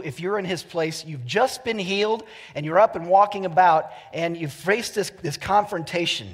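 Man preaching in a reverberant hall. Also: on the high side. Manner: conversational preaching, voices characters in anecdotes. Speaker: pastor. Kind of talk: sermon with joke telling.

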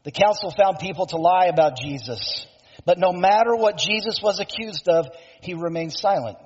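A male preacher who tells the story emphatically, often stopping to restate himself. His voice is high and husky. The sound is dull and lo-fi, with long reverb from a hall. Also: normal speed, darkish tone. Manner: emphatic storytelling, self-interrupting. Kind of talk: sermon, dramatic retelling.

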